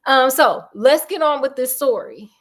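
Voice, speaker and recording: A woman's voice: high voice, measured pace, a bit bright. A woman hosting a storytelling show, retelling a classic detective tale in a chatty, slangy, digressive way. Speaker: storytelling host.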